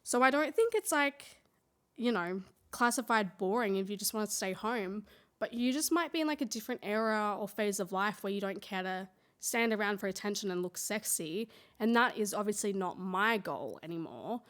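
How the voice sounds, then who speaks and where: A woman's voice: medium pitch, moderate pace, fairly bright tone. A woman, co-hosting a podcast in rambling casual chat, fighting a cough. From Australia. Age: 20s. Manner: chatty, rambling, many fillers. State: has a cough. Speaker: podcast co-host.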